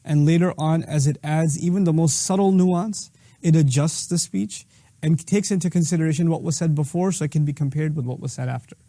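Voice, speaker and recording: A man's voice: on the high side, fairly quick, dark tone, no echo. A middle-aged man giving an explanatory, emphatic lecture on Quranic verses, reciting short passages in Arabic. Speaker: Islamic speaker.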